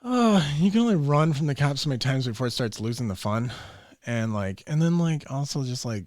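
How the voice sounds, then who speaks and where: A man's voice: mid-range voice, fairly quick, dry recording, clean studio sound. A young man telling wild stories as a podcast guest, profane and laughing often, acting out what people said. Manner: animated, profane, laughs often, acts out quotes. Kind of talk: casual storytelling.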